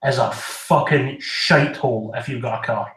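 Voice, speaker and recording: A man's voice: mid-range voice, moderate pace, far from the mic, crowd noise. A man, a podcast guest ranting in sweary comic banter. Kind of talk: casual podcast chat. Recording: echoey room.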